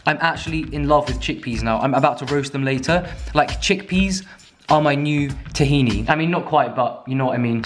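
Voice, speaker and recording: Young male food vlogger, slightly raised pitch, chatty and upbeat, faint music behind. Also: fairly bright tone. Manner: chatty, enthusiastic, self-mocking. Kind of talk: casual chat to camera.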